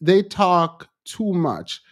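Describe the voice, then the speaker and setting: A man co-hosting a casual commentary podcast, reacting in an animated, exasperated way. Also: extremely slow. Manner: animated, exasperated commentary with sudden pitch jumps. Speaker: podcast co-host.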